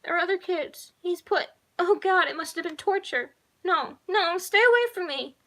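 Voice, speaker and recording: A woman voicing a terrified little girl, sobbing and pleading in a high, shaky voice while reading her own story aloud. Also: normal speed, bright, forceful tone, exaggerated voice.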